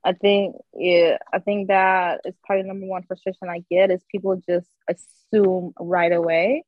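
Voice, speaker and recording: A woman's voice: lowish voice, level tone, moderate pace, no echo, phone-quality sound. A woman, a podcast guest, talking earnestly in casual chat and often saying "you know".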